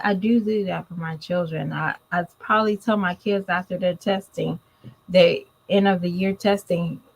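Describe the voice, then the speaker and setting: A woman's voice: medium pitch, low-quality recording. A woman, giving blunt, scolding commentary straight to her viewers in a casual vlog. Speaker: commentary vlogger.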